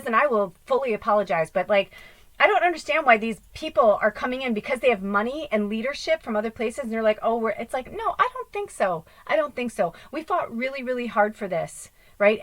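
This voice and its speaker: A woman medium talking straight to her viewers in a casual spiritual monologue. Her voice is middle-pitched, and she is passionate and blunt, dropping curse words. She swings between loud outbursts and soft hushed passages. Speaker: spiritual medium and channel host.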